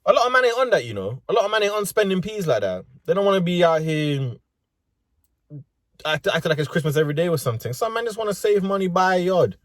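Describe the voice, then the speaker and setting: A young man with a London accent, his slightly high voice leaping up and down as he rants. He talks in profane street slang, working a comedic bit from inside a car. The sound is dry and close, with no room around it. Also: sing-song, fast talker, no room sound. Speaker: vlogger. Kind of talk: comedic rant.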